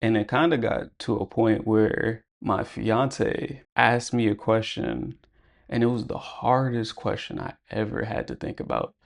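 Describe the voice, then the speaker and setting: Casual reflective man with gravelly voice. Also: lowish voice, lively intonation, measured pace. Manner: casual, reflective, lots of fillers like "like" and "you know". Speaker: vlogger. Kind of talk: personal storytelling to camera.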